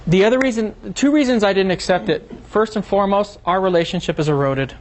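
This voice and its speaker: Seminar presenter, male, slightly high voice, chatty and animated, acts out the people he quotes. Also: brisk. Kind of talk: seminar talk to a small group.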